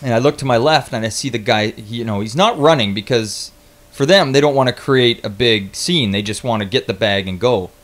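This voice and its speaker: A young man casually telling a travel story on his vlog, animated and swearing freely, with lots of restarts. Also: medium pitch, a little fast.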